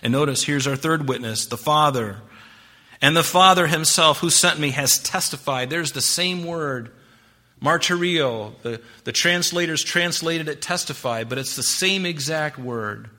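Bright-voiced male preacher. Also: on the high side, measured pace. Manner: expository preaching with scripture quotes; swings between emphatic rises and hushed drops. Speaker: pastor. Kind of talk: sermon.

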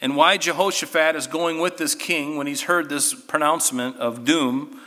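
A man teaching a Bible study class, animated and given to sarcastic asides. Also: fairly high pitch, normal speed, in a large hall.

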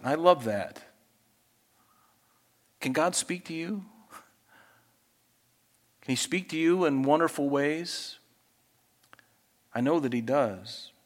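Conversational pastor in an echoing hall. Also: male voice, on the high side. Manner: conversational, animated when acting out quotes. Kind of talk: sermon.

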